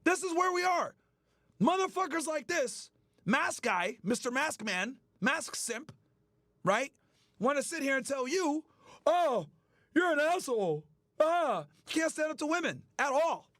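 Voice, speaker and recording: A man's voice: extremely high pitch, lively intonation, measured pace, pushed and bright, dry recording, studio quality. A man hosting a stream, delivering a heated, profane rant that mocks the people he talks about. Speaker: streamer host. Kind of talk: angry ranting commentary.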